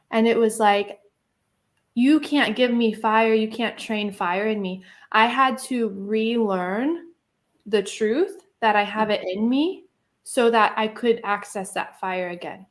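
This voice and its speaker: A woman telling a personal story in a casual interview, chatty, laughing often and using lots of fillers. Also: on the high side. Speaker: guest.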